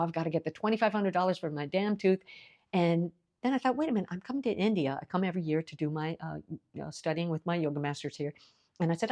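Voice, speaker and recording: A woman's voice: deep voice, a little mellow. A woman in her fifties from the United States telling a story to camera in a chatty way, acting out both sides of her conversations. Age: 50s. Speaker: lifestyle vlogger. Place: India.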